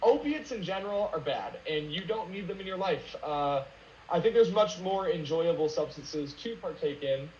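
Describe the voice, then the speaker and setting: Guy with a high voice rambling and swearing on a podcast, dull lo-fi sound. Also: animated, normal speed, darkish tone. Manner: rambling, many fillers, profane. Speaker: podcast guest, rapper. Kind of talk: casual podcast chat. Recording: roomy lo-fi with faint noise.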